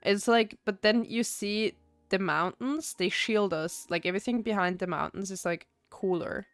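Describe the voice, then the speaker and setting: Her medium-pitched voice moves at a moderate pace with no room sound at all. The young Austrian streamer keeps up casual gameplay chatter, wandering through fillers and restarted sentences.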